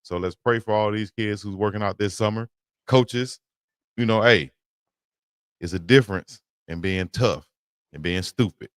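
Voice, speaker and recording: Relaxed low-voiced man, dry sound. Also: normal speed, pauses often, smooth, dry recording. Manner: relaxed, slangy, gives shout-outs. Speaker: co-host. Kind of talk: casual sports talk.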